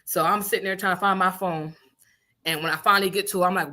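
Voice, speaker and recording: A woman co-hosting a radio show, telling a story in casual chat, animated and swearing, laughing often and acting out what people said. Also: on the low side, fast talker. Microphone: studio microphone.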